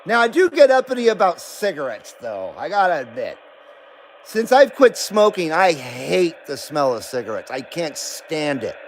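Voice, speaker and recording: Middle-aged male stream host, high voice, relaxed rambling chat, light background hum. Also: normal speed, rough recording. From Nevada, US. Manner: laid-back, rambling, swears and laughs often. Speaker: CB radio livestream host. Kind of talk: casual live-stream chat.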